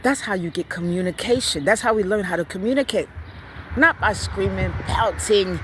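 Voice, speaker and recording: A woman talks straight at the camera in a casual vlog rant, blunt and profane, and tells her stories in an animated way. Her voice sits at an ordinary middle pitch. Faint traffic and car sounds hum behind her. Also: moderate pace. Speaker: mother giving parenting opinions.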